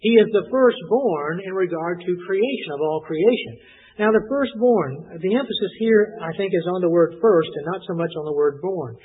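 Husky-voiced male preacher on a tinny recording. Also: high voice. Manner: earnest, emphatic, slows down to stress scripture. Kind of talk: expository sermon.

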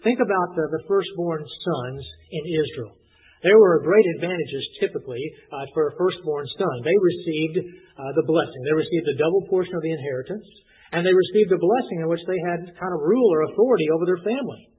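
A fairly high-pitched man with a husky voice preaches an earnest, emphatic sermon, slowing to lean on each scripture line. The sound is tinny and narrow, like it came through a phone line. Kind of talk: expository sermon.

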